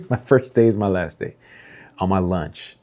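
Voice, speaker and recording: Young male vlogger, very low voice, candid rambling storyteller, swears freely. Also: animated, measured pace, dark tone. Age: young adult. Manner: rambling, heavy swearing, lots of fillers and restarts; emotional, candid. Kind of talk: casual storytelling to camera.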